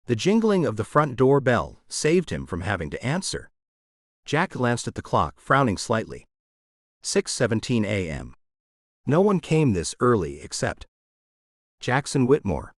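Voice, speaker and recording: A man narrating a romantic comedy audiobook with expressive storytelling. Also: on the low side, normal speed, no echo, clean studio sound.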